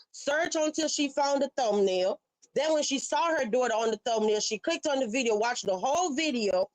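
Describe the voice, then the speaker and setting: A woman's voice: sits high, dry recording, low-quality recording. A woman hosting a livestream, talking emphatically and passionately straight to her viewers. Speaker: livestream host. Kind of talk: heated livestream commentary.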